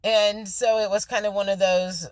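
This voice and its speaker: A woman's voice: mid-range voice, flat delivery, moderate pace. A woman talks straight into her phone in a casual, candid vlog, telling stories and acting out everyone's lines. Her voice sits in a middle range. The sound is close and dry, with no room echo. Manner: chatty, candid, acts out quoted dialogue. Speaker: spiritual vlogger. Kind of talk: casual storytelling monologue. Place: office.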